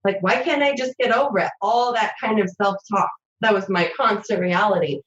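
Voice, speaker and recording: A woman's voice: mid-range voice, normal speed, fairly bright tone. Reflective woman coach in a roomy, dull recording. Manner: reflective, explains in steps, asks herself questions aloud. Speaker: intimacy coach guest. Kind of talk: conversational interview.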